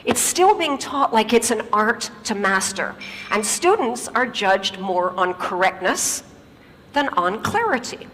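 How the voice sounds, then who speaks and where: A woman and native English speaker giving a lively, humorous talk on stage, often turning to the audience with questions. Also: mid-range voice, unhurried, big-room sound, a little hiss or hum. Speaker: conference speaker. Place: large auditorium.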